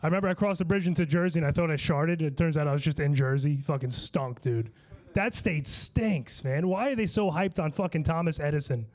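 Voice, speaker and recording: A man from Long Island, New York, does a stand-up set in a fairly high, darkish voice, talking a little fast. Slightly tipsy and slurring, he rambles loosely, restarting often and swearing.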